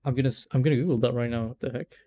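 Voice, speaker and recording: A man chatting loosely while he plays a game on stream. His voice is warm and mellow at a middle pitch. He rambles, laughs and stumbles over words. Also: fairly even intonation, racing. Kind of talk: casual let's-play chat.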